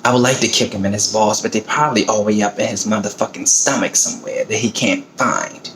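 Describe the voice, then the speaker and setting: A man's voice: on the low side, steady tone, quick pace, noisy background. A man on his own video giving a heated, profane, emotional rant about politics. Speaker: vlogger. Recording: roomy echo, faint ambience.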